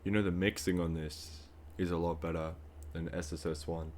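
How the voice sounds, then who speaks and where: A young man talks over a song he is reacting to, deadpan and a little mock-serious. His voice sits low and dark, mellow rather than bright. He fills gaps with ums and you-knows. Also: moderate pace, a little hiss or hum. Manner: dry, mock-serious remarks with fillers. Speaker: reaction streamer. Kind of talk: casual reaction commentary.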